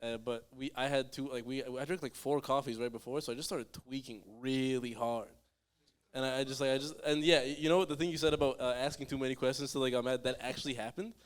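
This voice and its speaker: Young man, comedian, rambling self-mocking story, smooth clear voice, mid pitch. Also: fairly even intonation, fast talker. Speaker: comedian panelist. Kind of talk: storytelling on a comedy panel show.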